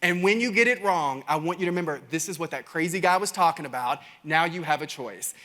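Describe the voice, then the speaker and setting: A man with a Kentucky Southern accent giving an animated keynote talk, telling stories to a crowd and calling them y'all. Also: on the high side, fast. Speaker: keynote speaker. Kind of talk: energetic keynote storytelling. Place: large conference stage. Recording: reverberant conference hall.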